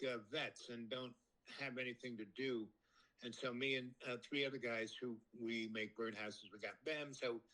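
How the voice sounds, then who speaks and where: A man telling a casual, rambling anecdote with many ums and restarts, lifting his voice high when he quotes people. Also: pushed and bright, low-quality recording. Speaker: storyteller guest.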